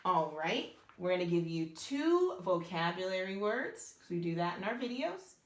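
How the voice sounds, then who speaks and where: A woman's voice: on the low side, sing-song, moderate pace, reverberant. A woman teaching beginners to read Hebrew letters, sounding them out step by step and praising the learners. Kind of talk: slow, patient reading lesson.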